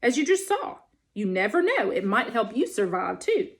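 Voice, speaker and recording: A woman voicing a dramatic, chatty female possum who loves to perform. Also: normal speed. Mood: chatty, theatrical. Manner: animated, showy, high-pitched.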